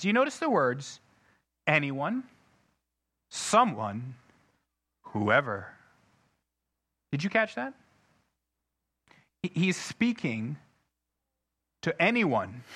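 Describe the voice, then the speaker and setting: A man's voice: a little high, sharp tone. A man preaching a sermon, reading scripture aloud with heavy emphasis and often putting questions to the congregation. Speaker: pastor.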